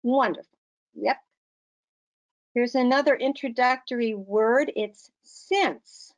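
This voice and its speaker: A woman's voice: fairly high pitch, slow pace, low-quality recording. A woman tutoring adult learners on comma use, patient and encouraging, explaining step by step. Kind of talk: online grammar lesson.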